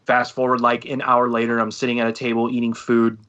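Bright-voiced man telling animated stories. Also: medium pitch, a little fast, muffled recording. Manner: animated storyteller acting out quotes. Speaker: podcast co-host and band singer. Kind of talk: casual podcast chat.

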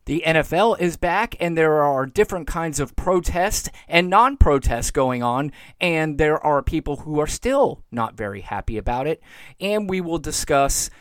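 A man's voice: fairly high pitch, lively intonation, moderate pace, fairly bright tone, smooth, no echo, studio quality. A man hosting his own show, giving exasperated, sarcastic commentary and mocking the people he talks about. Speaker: podcast host. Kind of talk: opinionated solo commentary.

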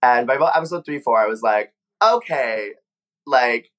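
A man's voice: medium pitch, lively intonation, moderate pace, fairly bright tone. Chatty young man telling backstage stories. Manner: chatty, frequent "like" fillers, acts out quoted voices. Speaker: former reality competition contestant, guest. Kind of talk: casual interview storytelling.

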